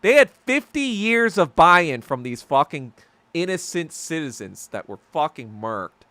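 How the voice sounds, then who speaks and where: A man hosting his own podcast in a solo rant, profane and heated, swinging between loud outbursts and low muttering. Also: big pitch swings, measured pace, dry recording. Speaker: podcast host. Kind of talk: solo ranting monologue.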